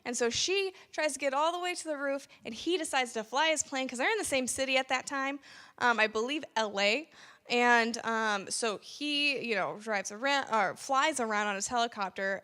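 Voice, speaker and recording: A young woman talks through a movie review in a loose, chatty way, laughing often and restarting her sentences. Her voice is bright and sits a little high. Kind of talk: casual spoiler review.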